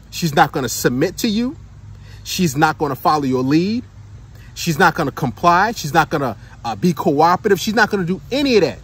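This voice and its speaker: A man with a high, husky voice lectures men on dating in a preachy monologue. He hammers each point home and keeps checking in with "right?" and "okay?". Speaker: dating advice commentator.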